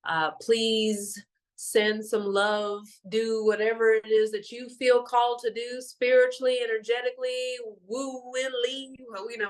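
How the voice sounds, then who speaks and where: A woman's voice: on the high side, little pitch movement, a little slow. A young woman and mother, a meditation teacher talking loosely and emotionally through a spiritual card message, full of fillers. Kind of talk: casual spiritual talk.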